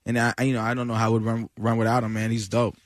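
A man's voice: mid-range voice, monotone, very fast, no echo, clean studio sound. A man guesting on a radio show as a comedian, chatting in a loose, slangy, laid-back way with plenty of restarts. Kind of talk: casual interview chat. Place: radio studio.

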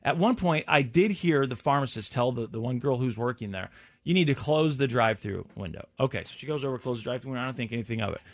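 A man in his forties in casual chat, an animated storyteller who acts out the people he quotes. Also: mid-range voice, fast. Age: 40s.

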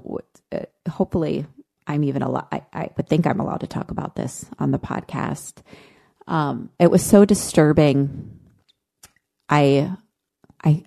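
Brief: a woman co-host in casual chat, emotional and impassioned, with a warm, mellow, low voice. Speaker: podcast co-host.

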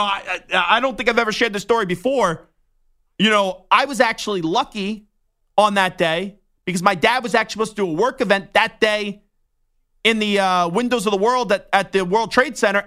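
Young male sports radio host, sharp tense tone, indignant and worked up. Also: high-pitched. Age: young adult. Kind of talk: heated talk-show rant.

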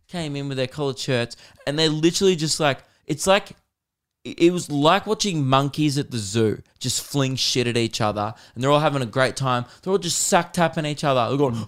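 An Australian man hosting a podcast, chatting casually and telling rambling stories with laughs and quick mimicry. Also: mid-range voice, lively intonation, a bit bright, clean tone. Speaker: podcast host and comedian. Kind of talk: casual chat.

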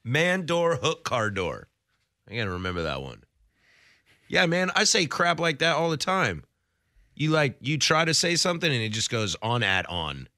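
A man's voice: mid-range voice, very animated, normal speed, pushed and bright, dry recording, clean studio sound. A man co-hosting a radio show, joking easily and laughing at himself in casual banter. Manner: jokey, laughs easily, self-mocking.

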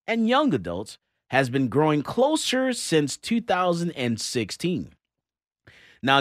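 Male podcast host, animated, laughs easily, clear bright tone. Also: fairly high pitch, no room sound, studio quality. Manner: laughs often, animated banter, then reads statistics. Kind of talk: casual chat.

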